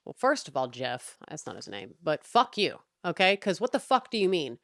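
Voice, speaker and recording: A young woman hosting a podcast, venting about a neighbor in a heated, profane, animated way. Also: fairly low pitch, fast, vocal fry, few pauses, no room sound, clean studio sound. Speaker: podcast host. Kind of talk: casual storytelling rant.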